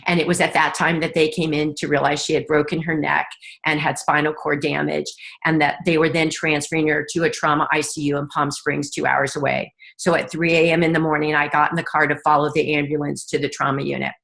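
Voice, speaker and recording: Woman, middle-aged, low-pitched, earnest, heartfelt, halting. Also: flat delivery, vocal fry, fairly bright tone. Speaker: guest, business leader. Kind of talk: personal story told in an interview.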